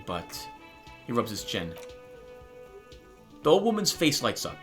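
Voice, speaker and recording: A man's voice: a little high, huge pitch swings, moderate pace, long pauses, faint music behind. A man narrating and commenting on a story game he plays, thinking aloud casually. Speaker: let's play host. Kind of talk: let's play commentary and narration.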